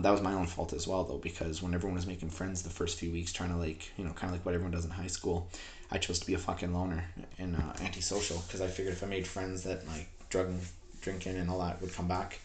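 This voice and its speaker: A man's voice: low voice, fairly even intonation, fast talker, background noise. A man in his twenties from Canada, rambling frankly and profanely in a personal audio diary. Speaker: vlogger.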